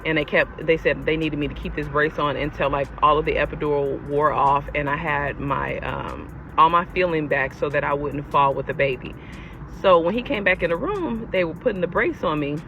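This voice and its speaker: A young woman telling a personal storytime to her viewers in a casual, animated and exasperated way. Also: sits low, moderate pace, soft background music. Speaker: storyteller vlogger. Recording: lo-fi with faint background noise.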